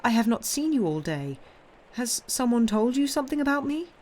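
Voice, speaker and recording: A woman's voice: mid-range voice, animated, normal speed, a little mellow, voice pushed up, lightly acted. A woman reading aloud, voicing a tender young woman who pleads anxiously with her grandfather. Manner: pleading, breathless questions.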